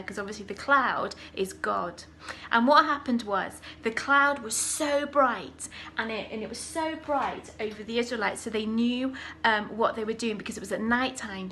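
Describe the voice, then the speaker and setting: A woman leading children's church, telling a Bible story in an animated, dramatic way. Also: on the high side, slight background noise.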